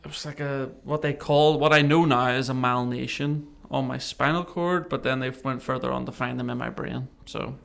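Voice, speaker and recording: A man's voice: mid-range voice, normal speed, creaky, few pauses. A man, a podcast guest telling a personal story and acting out what people said. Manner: animated, acts out remembered dialogue. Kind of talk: casual storytelling interview.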